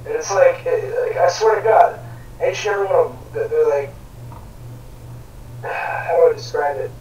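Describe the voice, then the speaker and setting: A man's voice: fairly high pitch, normal speed, a little mellow, dull audio. A man chatting casually while playing a game, swearing and rambling in long rants. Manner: crude, swearing, rambling ranting. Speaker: gamer. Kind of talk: casual gaming chat. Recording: echoey room, distant mic, faint noise.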